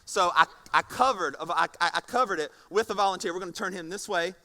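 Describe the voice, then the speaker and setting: A man preaching a sermon as pastor, animated and often repeating words. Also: high voice, fast.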